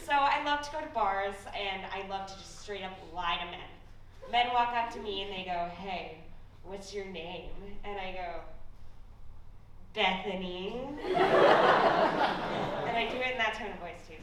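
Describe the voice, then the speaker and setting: A young adult woman doing a stand-up set, with deadpan, self-mocking delivery and frequent swearing. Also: mid-range voice. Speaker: stand-up comedian. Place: stage at a college comedy showcase. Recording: echoey room from far off with audience noise.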